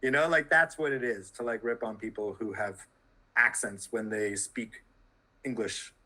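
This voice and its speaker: A man talking as a guest on a conversational podcast, animated and full of quick asides. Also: on the low side, rough recording. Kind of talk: casual conversation.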